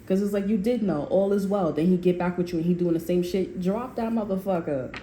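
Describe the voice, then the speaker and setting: Speaking a little fast in a lowish voice, this tarot reader delivers a casual monologue that's blunt, profane and animated, like storytelling. The room is echoey, with faint ambient noise.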